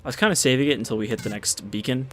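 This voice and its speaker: A man giving casual, relaxed commentary while he plays and explains a strategy game, in an offhand, explanatory way. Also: medium pitch, rapid-fire, slight background noise. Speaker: gaming video host. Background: game music and unit sounds.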